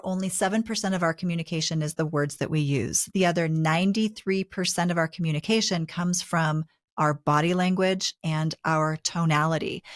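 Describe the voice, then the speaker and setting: A woman co-hosting a relationship advice talk, explaining ideas in a measured, teacherly way. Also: fairly low pitch, no echo, studio quality. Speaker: podcast co-host.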